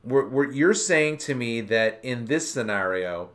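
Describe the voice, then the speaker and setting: Rambling man thinking out loud. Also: mid-range voice, expressive, a little slow. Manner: rambling, thinks aloud with restarts. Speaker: podcast host. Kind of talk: casual chat.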